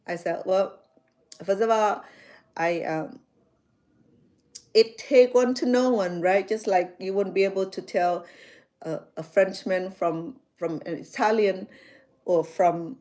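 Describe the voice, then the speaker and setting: A woman's voice: medium pitch, takes it slowly, long pauses, darkish tone. A middle-aged woman with a Khmer accent, chatting casually as a chef and vlogger, rambling with lots of fillers and restarts. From Cambodia. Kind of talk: casual chat.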